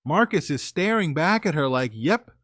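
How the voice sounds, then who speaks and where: A man's voice: medium pitch, lively intonation, normal speed, fairly bright tone, no room sound, clean studio sound. A man narrating his own story in a casual, conversational way, talking to his listeners directly. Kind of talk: first-person story narration.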